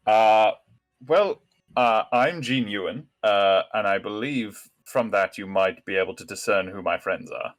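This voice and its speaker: A man's voice: lowish voice, unhurried, soft background music. A man playing in a tabletop game, hesitant and casual. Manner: hesitant, with many fillers. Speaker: player.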